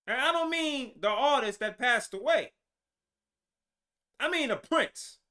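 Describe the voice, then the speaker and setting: Host, male, high and bright voice, heated profane rant, stumbles and restarts. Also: expressive, unhurried. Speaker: show host. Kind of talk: ranting political commentary.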